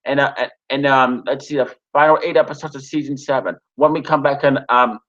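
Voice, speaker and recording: A man reading out a TV episode recap and then giving his own casual review, in a halting way with frequent restarts and pauses. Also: mid-range voice, fairly even intonation, fairly bright tone. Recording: dull lo-fi recording.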